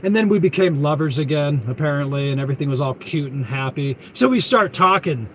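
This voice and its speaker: High-voiced man telling trucking stories. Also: animated, brisk, a little hiss or hum, rough recording. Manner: rambling, chuckling anecdotes. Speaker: truck driver. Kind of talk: casual storytelling.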